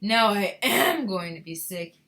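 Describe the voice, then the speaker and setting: A woman voicing a panicky, fussy lady on a wild elevator ride, shrill and frantic. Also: expressive, normal speed, lightly acted. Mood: panicked.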